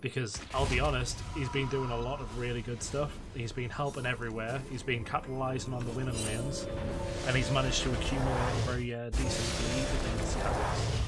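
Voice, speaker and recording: A young man in relaxed, casual commentary over his own gameplay, thinking aloud with plenty of "uh" and "like". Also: mid-range voice, a little fast. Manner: relaxed, reflective, says "uh" and "like" often. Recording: loud game music behind voice. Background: loud game music and game announcer.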